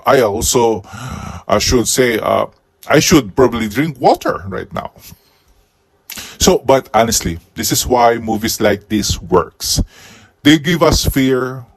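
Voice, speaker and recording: A man giving a comic movie review in a husky head costume, with deadpan jokes and sudden outbursts. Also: mid-range voice. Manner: speaking while wearing a husky head costume.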